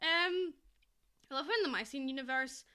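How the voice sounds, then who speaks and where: Bright high-voiced woman co-hosting casually. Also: moderate pace. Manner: lively, acts out film lines in put-on voices. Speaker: podcast co-host. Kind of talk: casual chat.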